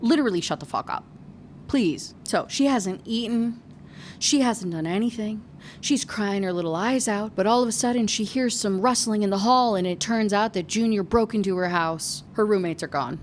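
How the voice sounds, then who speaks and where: A woman's voice: medium pitch, moderate pace. A young woman recaps a novel in a loose, chatty rant, full of sarcasm and swearing. She sounds exasperated with the characters. A faint noise sits under her voice. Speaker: book reviewer. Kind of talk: casual rant review.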